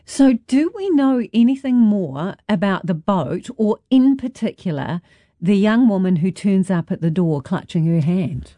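A woman, a radio host presenting and questioning in a brisk, friendly way. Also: mid-range voice, animated, warm tone, no room sound.

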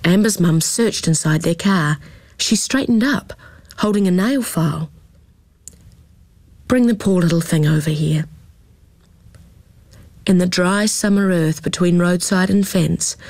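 A woman reading a children's story aloud in a calm, expressive way. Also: on the low side, no echo. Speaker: narrator.

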